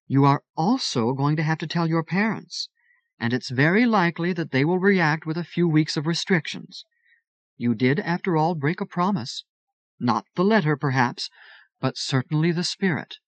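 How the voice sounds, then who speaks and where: A man reading the part of a calm, wise aunt in a crisp, pleasant, measured voice. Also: fairly high pitch, no echo, pitched above the performer's own voice, lightly acted. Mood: calm, reassuring.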